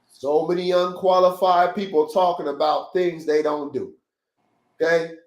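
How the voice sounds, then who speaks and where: A high-voiced man hosting a dog podcast on a livestream, preaching to his listeners in short, repetitive, swear-laden bursts. His voice rings in a roomy, echoey space. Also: fairly even intonation, measured pace, darkish tone. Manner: emphatic, preachy, repetitive pep-talk with profanity. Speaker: podcast host, dog breeder. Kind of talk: casual livestream podcast talk. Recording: roomy echo.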